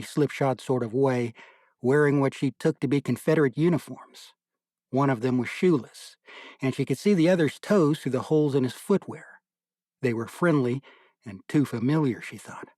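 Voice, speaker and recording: A man's voice: medium pitch, normal speed, darkish tone, dry recording. Man narrating an audiobook, dry close mic. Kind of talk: scripted narration.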